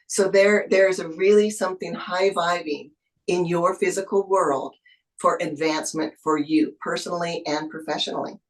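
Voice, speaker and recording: A woman with a lowish voice gives a tarot reading over a video call. She speaks in a soothing, encouraging way, full of spiritual phrasing. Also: fairly even intonation, moderate pace, poor audio. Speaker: tarot reader.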